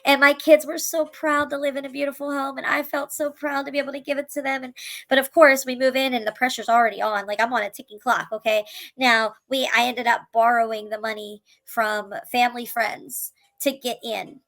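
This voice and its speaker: A woman's voice: high-pitched, little pitch movement, brisk, a bit bright, rough recording. A woman, a single mother, earnestly telling her own life story to camera, emotional, with tumbling restarts and repeated words. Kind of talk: candid personal storytelling to camera.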